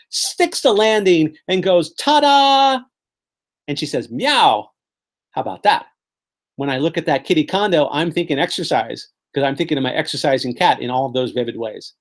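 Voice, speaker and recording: A man teaching a room full of people, his pitch swinging up and down as he spins colorful little scenes. His delivery is playful and animated, like a presenter who enjoys painting pictures with words. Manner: animated, playful storytelling with vivid imagery. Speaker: presenter teaching memory techniques. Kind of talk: live workshop teaching.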